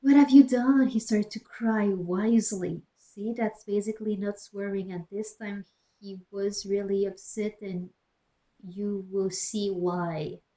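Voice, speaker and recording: In a rough recording from a cheap gaming headset, a young woman streamer reads a story with mock drama, tossing in sarcastic asides and muttered jokes. Her voice is medium in pitch and warm, with little pitch movement and a slow pace. She's in a small closed room.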